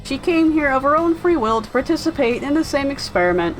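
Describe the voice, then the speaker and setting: A woman's voice: high-pitched, very animated, fairly quick, faint music behind, poor audio. A woman voicing a scheming, pompous male villain doctor who gloats with a theatrical laugh. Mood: gloating.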